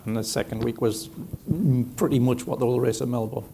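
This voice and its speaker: Man, gravelly and mellow voice, steady explainer on a panel. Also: mid-range voice, a little fast, a little hiss or hum. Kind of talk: live panel talk, explaining.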